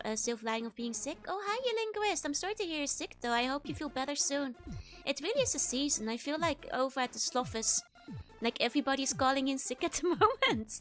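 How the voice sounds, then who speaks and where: A woman's voice: high-pitched, fairly bright tone. A Dutch woman streaming, chatting casually with her audience, giggly and greeting viewers one by one, with a tickly, scratchy throat. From Netherlands.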